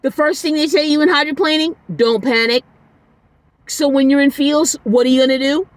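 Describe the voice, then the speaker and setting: A woman's voice: high voice, little pitch movement, quick pace, dry recording. Blunt ranting woman podcaster. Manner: ranting, exasperated, blunt with swearing; soft, tired sign-off. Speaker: podcast host. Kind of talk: solo podcast monologue.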